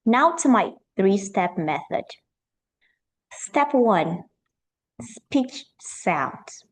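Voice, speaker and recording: A woman leads a pronunciation lesson as an accent coach. She speaks with lively energy and stretches key words out slowly to stress them. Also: medium pitch. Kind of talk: teaching an online pronunciation lesson.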